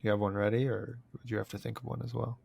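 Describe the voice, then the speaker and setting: A man's voice: on the low side, little pitch movement, fast, creaky, a little mellow, no echo. A young man co-hosting a casual podcast, joking and laughing often. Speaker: podcast co-host. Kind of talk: casual chat.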